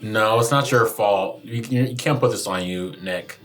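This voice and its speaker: A man hosting a YouTube reaction video, animated and emotional, talking back to the screen. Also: lowish voice, moderate pace, soft background music. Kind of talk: casual reaction commentary.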